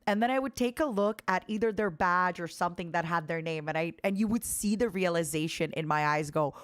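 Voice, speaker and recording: A woman streaming from an indoor room, chatting casually with her viewers in a bouncy way, her pitch jumping up as she reads their messages. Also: brisk, hardly any pauses, dry recording, studio quality. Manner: chatty, bouncy, jumps in pitch when reading chat. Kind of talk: casual livestream chat.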